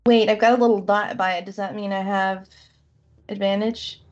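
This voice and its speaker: A woman playing in a tabletop game, talking in a hesitant, halting way. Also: medium pitch, fairly even intonation, a little mellow, muffled recording. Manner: hesitant, halting, laughs often. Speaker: player. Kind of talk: casual tabletop game play.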